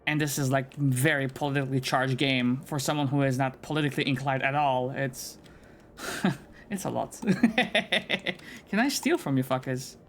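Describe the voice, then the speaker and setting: A man's voice: mid-range voice, measured pace, a bit bright, slight background noise. A man streaming a story game, chatting casually with a profane, joking manner. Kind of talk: casual gameplay commentary.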